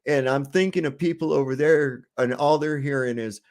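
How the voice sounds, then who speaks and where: A man's voice: mid-range voice, normal speed, darkish tone. A man casually telling stories with swearing, on a video call. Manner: swearing, chatty storyteller. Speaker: debater.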